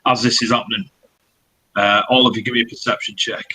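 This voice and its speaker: A man's voice: medium pitch, flat delivery, quick pace, pushed and bright, husky, low-quality recording. A man narrating as dungeon master, loose and sweary, with many fillers. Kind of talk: narrating a tabletop game.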